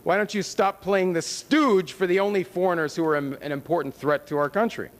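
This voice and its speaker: A fairly high-voiced American man gives a public lecture with slides at a conference, speaking a little fast. His delivery is casual and sardonic, with wry asides and pointed rhetorical questions, and his voice carries the long reverb of a large hall.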